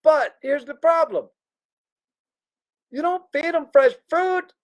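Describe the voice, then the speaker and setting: A man's voice: very high-pitched, slow pace. A man hosting a livestream, telling a crude, joking story in a loose, digressive way. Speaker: livestream host. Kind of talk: rambling anecdotal storytelling.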